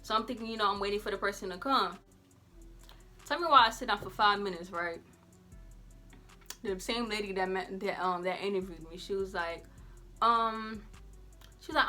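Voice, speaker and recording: A teenage girl from Georgia vlogging a casual storytime in a lively, conversational way with Southern slang. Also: medium pitch, brisk, long pauses, soft background music.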